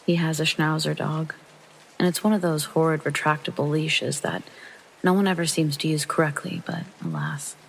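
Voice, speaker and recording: A narrator reading a true scary story aloud in calm, steady first person, meant for sleep listening. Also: mid-range voice, normal speed, gravelly, a little hiss or hum, low-quality recording. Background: rain sounds.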